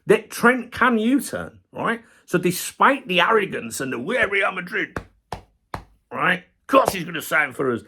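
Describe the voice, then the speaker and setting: A man's voice: high voice, lively intonation, normal speed, few pauses, sharp tone, slightly rough. A middle-aged man hosting a football channel, ranting passionately and swearing heavily in a casual video.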